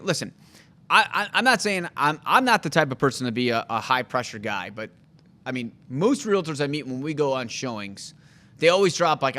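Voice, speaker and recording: A man's voice: medium pitch, a bit bright. A man hosting a real estate show, talking casually and rambling, acting out quotes of buyers and agents. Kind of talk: casual talk to camera.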